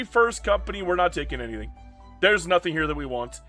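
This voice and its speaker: A tired, hoarse man doing chatty live gameplay commentary as a streamer, greeting his chat by name. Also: a little high, lively intonation, fairly quick, sharp tone, faint music behind.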